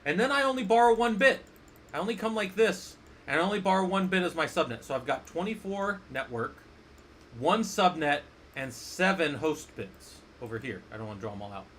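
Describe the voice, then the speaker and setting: A man's voice: fairly high pitch, lively intonation, fairly quick, a bit bright, slight background noise. Playful man teaching in a casual lesson. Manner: playful, jokey, asks the viewers questions. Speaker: instructor. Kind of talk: casual screen-share lesson.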